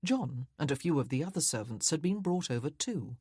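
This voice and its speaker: A woman narrating an audiobook in a measured, even reading. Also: very deep voice, breathy edge, dry recording, clean studio sound.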